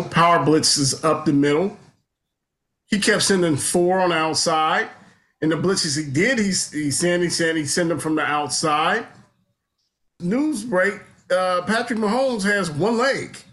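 Male podcast co-host, casual sports talk, relaxed and rambling. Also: fairly high pitch, measured pace.

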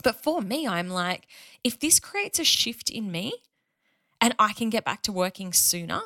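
An Australian woman, a money mentor guest on a podcast, telling stories in an emphatic, animated casual chat. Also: mid-range voice, normal speed.

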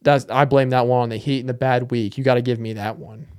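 A man's voice: medium pitch, fairly even intonation, fast, darkish tone, clear, resonant tone. A young man talks on his own podcast in a loose, meandering way, poking fun at himself. His voice sits in an ordinary middle register. The delivery is casual and unscripted. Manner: joking, rambling, self-mocking. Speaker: podcast host. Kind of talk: casual solo monologue.

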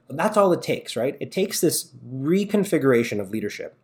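A man from Canada, a guest on a podcast, talking fast and emphatically about leadership and asking rhetorical questions. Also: medium pitch, sing-song, a little mellow. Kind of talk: casual podcast conversation.

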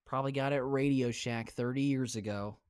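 A man's voice: mid-range voice, steady tone, fairly quick, clear, resonant tone, no echo, studio quality. A man in his twenties hosting a podcast from home on a headset, chatting casually, brash and teasing, swearing freely. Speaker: podcast host. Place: home, recording virtually.

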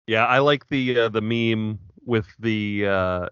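A man's voice: lowish voice, slow pace, fairly bright tone, clean tone, dry recording. A man co-hosting a podcast, casual and teasing in a laid-back way. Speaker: podcast co-host. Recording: dry, dull lo-fi audio.

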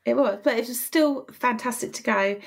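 A woman co-hosting a casual chat podcast, talking through a stuffy cold, chatty and quick to laugh. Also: a little high, gravelly. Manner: chatty, laughs often, trails off. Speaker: podcast co-host.

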